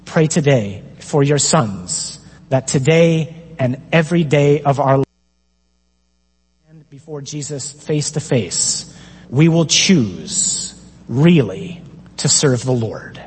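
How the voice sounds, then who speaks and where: Slow, husky-voiced male preacher. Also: mid-range voice, expressive, a little mellow. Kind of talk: closing prayer of a sermon.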